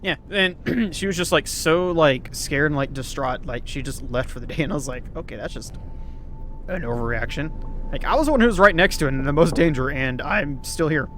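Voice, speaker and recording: A man's voice: fairly high pitch, animated, fairly quick, few pauses, fairly bright tone, slight background noise. A young man telling a rambling story in casual chat, swearing, laughing often and full of fillers. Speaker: storyteller host.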